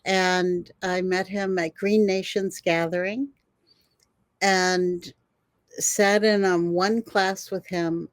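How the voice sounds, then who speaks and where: An older woman, a guest herbalist, telling animated stories in an interview and laughing often. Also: on the low side, takes it slowly, no echo. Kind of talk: storytelling in an interview.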